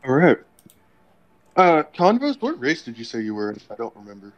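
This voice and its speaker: A man's voice: medium pitch, wildly swooping pitch, normal speed, dull audio. A man running a tabletop game as dungeon master, narrating loosely with fillers like uh and um.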